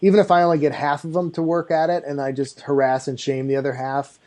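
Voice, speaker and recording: A man's voice: on the high side, little pitch movement, fast talker, a little mellow. A man hosting an interview, easygoing and affirming in a chatty way. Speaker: podcast host. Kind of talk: casual interview chat.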